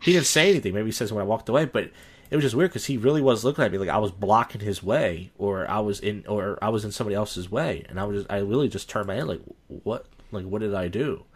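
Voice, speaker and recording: Rambling low-voiced man telling a story. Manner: rambling, restarts, retells with quoted dialogue. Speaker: podcast guest. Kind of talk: casual chat.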